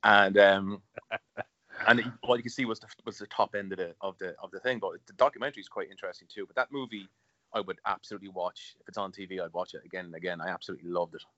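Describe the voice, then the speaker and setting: A man co-hosting a movie chat, swearing and telling stories in a casual, animated way. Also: deep voice, fast, dry recording. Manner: swearing, animated storytelling with laughs. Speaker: podcast co-host. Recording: dull, muffled audio.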